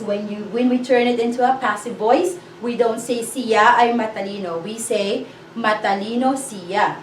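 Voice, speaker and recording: Female language teacher, fairly high voice, slow and patient, recorded a little off-mic in a roomy space with faint hiss. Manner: patient, repeats example sentences slowly, checks with "okay?". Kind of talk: slow explanatory lesson. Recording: echoey room, voice a bit far from mic, faint hiss.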